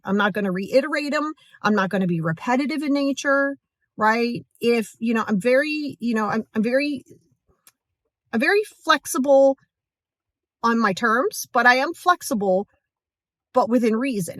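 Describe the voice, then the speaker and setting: A woman's voice: a little high, no room sound, studio quality. A woman hosting a motivational podcast, talking directly and emphatically to the listener. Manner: direct, emphatic, acts out quoted voices. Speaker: podcast host.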